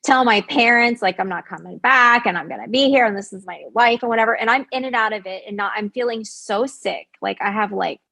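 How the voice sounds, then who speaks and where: A woman tells her own story as a guest, in a casual, lively way. She leans on "like" as a filler and acts out what she and others said. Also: on the high side, fairly quick, creaky, few pauses. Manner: animated, acts out quoted voices; frequent fillers like "like". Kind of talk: personal storytelling.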